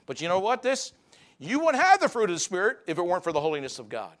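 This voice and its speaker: A man preaching a Sunday sermon in a church, talking to the congregation in a conversational way, his voice rising for emphasis and then dropping low. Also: huge pitch swings, fast, fairly bright tone. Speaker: pastor. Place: church sanctuary.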